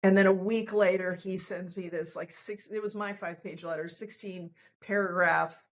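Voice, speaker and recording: A woman's voice: on the low side, fairly even intonation, moderate pace, low-quality recording. A woman guest on a podcast, telling a personal story candidly and emotionally, acting out the lines of the people in it. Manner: earnest, emotional, acts out quoted dialogue.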